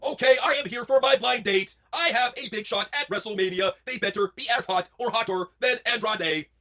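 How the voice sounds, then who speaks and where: A man voicing a vain, haughty woman wrestler on a blind date, speaking slowly and self-importantly. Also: high-pitched, pushed and bright, voice pushed up. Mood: preening. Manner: slow, preening, self-important.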